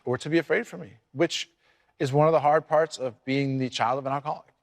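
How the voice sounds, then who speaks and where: A man speaking candidly as an interview guest, halting and reflective, often restarting his sentences. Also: fairly high pitch, steady tone, dry recording, clean studio sound.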